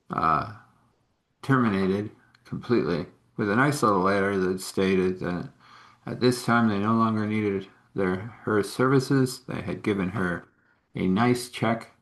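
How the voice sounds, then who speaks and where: A man's voice: fairly low pitch, a bit bright. A man telling a faith-based everyday story in a rambling, homespun way with many fillers. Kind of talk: informal spoken storytelling. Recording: echoey room.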